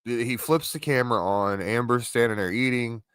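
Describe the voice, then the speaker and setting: Male reaction host, bright, crisp delivery, casual and halting. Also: medium pitch, dry recording, studio quality. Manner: casual, halting, with many fillers. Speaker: commentary host. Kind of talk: reaction commentary.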